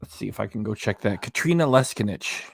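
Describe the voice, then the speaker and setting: A man's voice: fairly low pitch, animated, fast, vocal fry, no echo, clean studio sound. Chatty man hosting a livestream. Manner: rambling, chatty, reads out chat messages and web pages. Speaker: host of a reaction livestream. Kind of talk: casual livestream chat, reading viewer comments.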